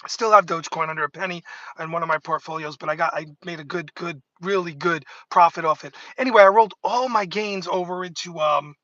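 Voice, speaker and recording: A man's voice: fairly high pitch, quick pace, fairly bright tone, no room sound, dull audio. A man hosting a livestream, talking casually and animatedly to the camera, rambling and often interrupting himself. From New York State. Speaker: livestream host.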